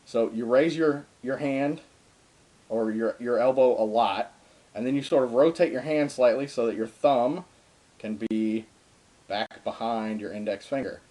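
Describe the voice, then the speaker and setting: A man's voice: medium pitch, unhurried, mellow. A young man giving a casual darbuka lesson, talking informally with frequent ums and uhs and stopping to play between phrases. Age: young adult. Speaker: darbuka teacher. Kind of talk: casual spoken drum lesson. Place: home room with drum. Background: darbuka drumming between phrases.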